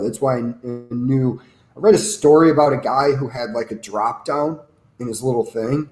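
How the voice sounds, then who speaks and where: A man's voice: mid-range voice, moderate pace, darkish tone, soft background music. A man with an ordinary mid-range voice tells a rambling story full of jokes and restarts. His voice carries a roomy echo, as if he were in a bare room. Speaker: podcast co-host. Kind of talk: casual storytelling chat.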